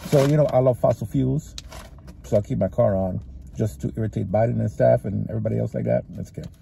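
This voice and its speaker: A fast-talking man with a mid-range voice, vocal fry and fairly even intonation chats against a noisy background. In a Texas-sounding drawl, he rambles through a casual eating vlog, chewing as he talks in his parked car with the engine running.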